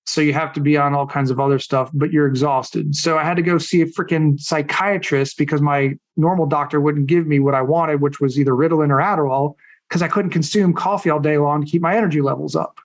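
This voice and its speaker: A middle-aged man, a podcast guest and coach, telling his story in a casual, animated way, acting out what others said and swearing bluntly. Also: a little high, brisk. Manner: animated, acts out quoted people.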